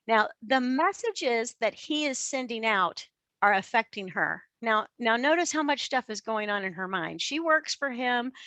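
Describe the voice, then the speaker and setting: A woman coach giving a keynote to an online conference, with energetic, conversational delivery. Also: fairly high pitch, no echo. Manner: energetic, conversational, acts out voices.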